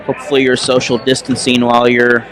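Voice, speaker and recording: A young man giving casual, chatty play-by-play for a high school basketball game, now and then correcting himself. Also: completely flat delivery, quick pace, crowd noise. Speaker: play-by-play announcer. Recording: noisy gym recording.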